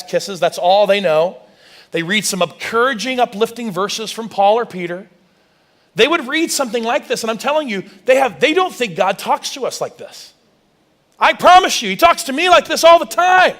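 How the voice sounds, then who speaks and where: Pastor, high-voiced man, animated sermon with lots of restarts; rises loud and high for emphasis. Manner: animated preaching, many restarts, reads scripture aloud; gets loud and high when stressing a point.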